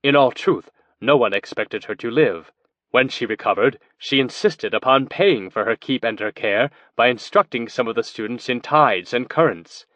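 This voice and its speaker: Earnest young male scholar, measured and plain; narrator's own voice. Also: mid-range voice, fairly bright tone, dry recording, lightly acted. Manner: measured, explanatory.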